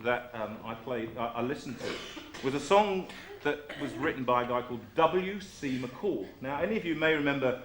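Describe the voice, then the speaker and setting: A man's voice: mid-range voice, animated, moderate pace, reverberant. A man hosting a live music show, chatting in a jokey, teasing way between songs. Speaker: singer and host of a live show. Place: music room before a live audience.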